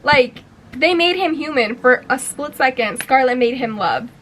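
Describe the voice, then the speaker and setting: A woman's voice: high voice, animated, measured pace, a bit bright, a little hiss or hum, poor audio. A young woman giving a casual book review in a gushing, slangy, profane way. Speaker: book vlogger.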